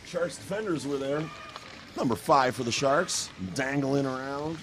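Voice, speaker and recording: A hoarse man doing live play-by-play hockey commentary, excitable and jokey, his voice cracking. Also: mid-range voice, a little slow, noisy background. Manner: excitable, shouts on big plays, jokey asides. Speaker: play-by-play announcer.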